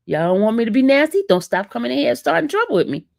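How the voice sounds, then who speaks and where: This livestream host races through her words in a sing-song, fairly high voice with vocal fry, teasing and sassing her chat and answering them back on a casual stream. She has an East Coast American accent and is from the northern US. The recording is dry and studio quality.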